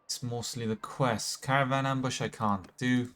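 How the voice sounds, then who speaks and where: A man's voice: medium pitch, fairly even intonation, moderate pace, a bit bright, slight background noise. A British man chatting casually with his viewers while streaming a game, laughing easily and correcting himself as he talks. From Britain. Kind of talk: casual gameplay commentary.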